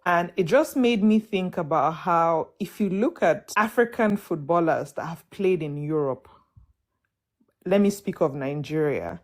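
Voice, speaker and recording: A woman speaking as a panelist, making her point in a measured, reflective way. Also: on the low side, darkish tone. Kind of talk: panel discussion.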